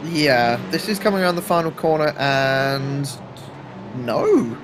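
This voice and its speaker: A man's voice: a little high, animated, slow pace, noisy background. A man co-commentating an online race in a casual, hesitant way, with many fillers. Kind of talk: sim racing commentary.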